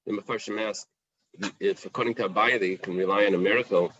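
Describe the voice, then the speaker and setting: A man's voice: on the low side, fairly even intonation, fast, fairly bright tone, slightly rough, dry recording, lo-fi sound. A man teaching a Talmud class in plain English, mixing in Aramaic and Hebrew quotes, with fillers and restarts. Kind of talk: daf yomi Talmud class.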